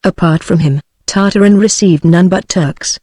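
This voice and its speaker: A text-to-speech woman's voice with a British English accent, reading an audiobook in an even, unvaried synthetic manner. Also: fairly low pitch, normal speed, dry recording. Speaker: narrator.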